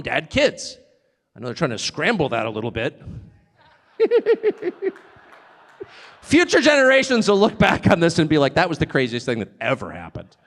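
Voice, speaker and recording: High animated guy giving a jokey sarcastic speech, echo of a big hall. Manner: conversational, sarcastic asides, laughs often. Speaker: speaker at a live event. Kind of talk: live speech to an audience.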